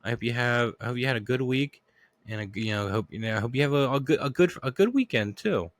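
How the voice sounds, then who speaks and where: A man's voice: mid-range voice, animated, fast talker, no echo. A man hosting his own podcast alone, talking casually and rambling with many restarts, still getting over a cough. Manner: rambling, lots of restarts and fillers. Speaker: podcast host. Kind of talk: casual solo podcast monologue.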